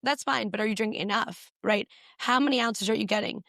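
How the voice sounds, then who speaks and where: A woman physician, a guest on a podcast, explaining health advice in brisk, numbered points. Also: mid-range voice, vocal fry, bright, forceful tone, dry recording, studio quality. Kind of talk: podcast interview.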